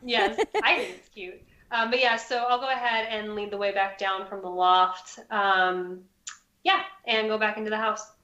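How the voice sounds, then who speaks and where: A woman's voice: medium pitch, fairly even intonation, moderate pace, sharp tone, dull audio. A woman playing a character in a tabletop game, chatty and full of hedging fillers. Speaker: player. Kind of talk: tabletop role-play. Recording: roomy echo.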